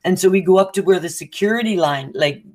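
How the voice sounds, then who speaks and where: A woman's voice: lowish voice, fast. A woman telling a long story in casual chat, acting out the lines of the people in it and laughing as she goes. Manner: animated, acts out quotes with laughs. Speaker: co-host.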